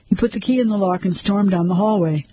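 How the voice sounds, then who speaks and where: A man narrating a crime story like an audiobook, measured and suspenseful. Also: high-pitched, warm tone, slight background noise, poor audio.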